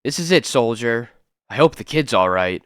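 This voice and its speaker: A man's voice: medium pitch, animated, moderate pace, a bit bright, clean tone, dry recording, clean studio sound, close to an everyday voice. Man doing a folksy taxi driver. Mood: casual. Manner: casual, folksy slang. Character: gruff, friendly male taxi driver.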